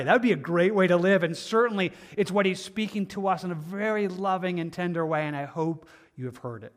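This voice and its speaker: Pastor, male, slightly high voice, lively sermon delivery moving from booming to hushed. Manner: animated, swings between loud emphatic and soft hushed.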